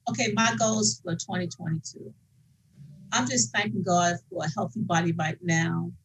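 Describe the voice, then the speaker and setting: A woman's voice: lowish voice, a bit bright, a little hiss or hum, rough recording. An older woman on a family video call speaking earnestly and emotionally about faith and her goals.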